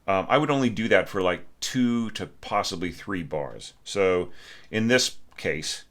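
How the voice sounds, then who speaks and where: A man with a very low voice talks through a student's orchestral score as a teacher. His critique is casual and chatty, with frequent fillers, restarts and the odd hummed phrase. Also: a bit bright. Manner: conversational, with many fillers and restarts; hums musical lines aloud.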